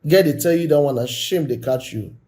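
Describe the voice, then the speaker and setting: A man giving a blunt, forceful, exhorting talk on a live stream as a relationship coach. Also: fairly high pitch, a little fast.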